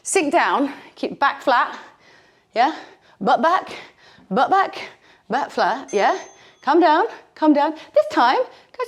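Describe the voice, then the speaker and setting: Woman fitness instructor, higher voice, chatty and joking, slightly out of breath, clip-on mic. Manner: chatty, encouraging, jokey coaching. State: a little out of breath. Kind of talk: workout class instruction. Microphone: clip-on microphone on her t-shirt.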